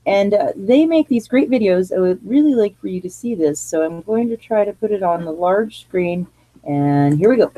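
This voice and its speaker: A woman hosts a live radio show from her living room in a casual, rambling way. She laughs at herself and drifts between thoughts. Her voice sits at an ordinary middle pitch and sounds close and dry, with no room echo. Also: expressive, normal speed, dark tone.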